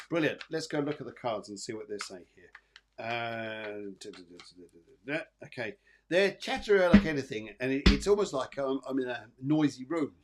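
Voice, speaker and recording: A man hosts a live psychic show, reading cards and colours for viewers. He rambles in a chatty, reassuring way, peppered with fillers and restarts, at a mid pitch. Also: background noise. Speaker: psychic medium host.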